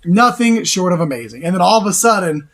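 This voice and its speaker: Guy hosting a chat show, pretty high voice, gets hyped and laughs a lot, rambles and restarts. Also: sing-song, brisk, fairly bright tone. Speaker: show host. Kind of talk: casual chat.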